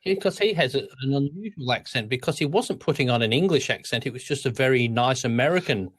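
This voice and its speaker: A man's voice: medium pitch, expressive, quick pace, no room sound. Rambling Australian man, dry sound. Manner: rambling, restarts and trailing asides. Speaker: podcast co-host. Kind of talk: casual chat.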